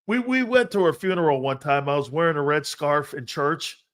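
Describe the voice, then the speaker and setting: Animated, loud man hosting sports talk. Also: a little high, normal speed. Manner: loud, animated, jokey, talks straight to viewers. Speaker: sports talk show host. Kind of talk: live-stream sports talk reading chat.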